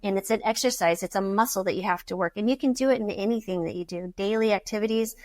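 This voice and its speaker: A woman's voice: medium pitch, fast talker, dry recording. Storytelling woman doctor, close dry voice. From United States. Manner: animated storyteller, acting out quoted patients. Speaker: physician guest. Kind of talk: conversational podcast storytelling.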